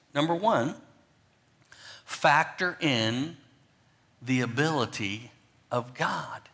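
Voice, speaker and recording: A man pastor preaching a sermon, animated, swinging between loud emphatic bursts and quiet low asides.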